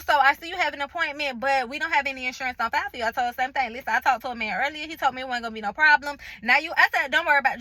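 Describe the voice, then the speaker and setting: A woman's voice: high-pitched, bright, forceful tone, no echo, low-quality recording. A woman vlogger in casual personal storytelling, emphatic and chatty, acting out the conversations she retells and speaking straight to her viewers. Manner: colloquial, chatty, addresses viewers directly. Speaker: vlogger sharing a health update.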